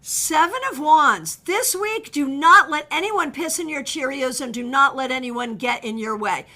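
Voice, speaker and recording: A woman's voice: sits high, a little slow, pushed and bright. A woman giving live tarot readings, chatty and direct, greeting viewers by name and giving blunt advice. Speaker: tarot reader. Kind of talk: live-stream card readings.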